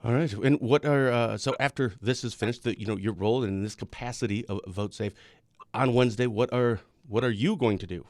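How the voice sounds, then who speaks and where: A man's voice: mid-range voice, fairly quick, a little mellow, no echo. Joking young male live-stream host. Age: young adult. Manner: joking, rambling questions with restarts. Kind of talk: casual live-stream interview.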